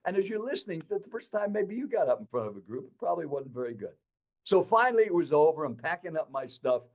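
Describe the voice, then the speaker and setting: Older man in his eighties, a dramatic storyteller with a fairly high voice, a veteran speaker recalling his early career as an interview guest. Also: very animated, fast, darkish tone. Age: 80s.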